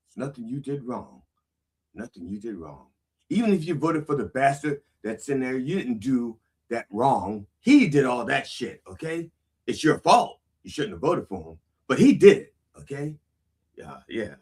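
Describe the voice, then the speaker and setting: A man's voice: medium pitch, sing-song, unhurried, a little mellow, slightly rough. A man hosting a comedy show as a bawdy, preacherly reverend, with an American accent, often repeating "that's right.". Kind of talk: parody sermon.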